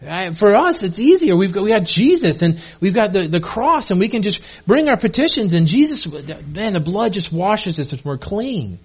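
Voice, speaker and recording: A man with a fairly high, husky voice preaches in a relaxed, chatty style. He stumbles and repeats himself as he talks his way through the passage, addressing listeners directly. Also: normal speed, hardly any pauses. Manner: casual, conversational preaching with many restarts. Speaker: pastor. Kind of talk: sermon.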